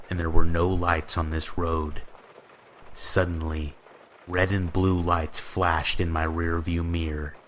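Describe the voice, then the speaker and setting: A man with a very deep, low voice reads scary stories in an even, steady narration. Soft rain falls faintly behind him. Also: a little hiss or hum. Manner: steady storytelling read. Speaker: horror story narrator. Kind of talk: scripted horror narration. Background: rain ambience.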